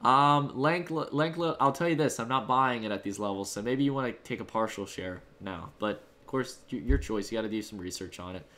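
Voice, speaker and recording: Talking a little fast with few pauses, this man has a mid-range voice that sounds pushed and bright. He hosts a live stream, replying to chat in a loose, cheerful, meandering manner with fillers and false starts.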